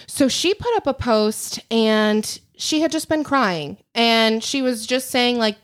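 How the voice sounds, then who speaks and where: A woman's voice: on the high side, expressive, measured pace. A young woman co-hosting a podcast, telling stories in a chatty, casual way with the odd swear word. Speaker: podcast co-host. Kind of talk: casual chat.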